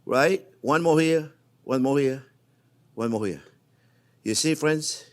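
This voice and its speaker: A middle-aged man hosting a casual cooking demonstration, chatty and playful, calling his viewers friends. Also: slow. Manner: chatty, playful, often says "friends" and "boom, boom". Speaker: chef host.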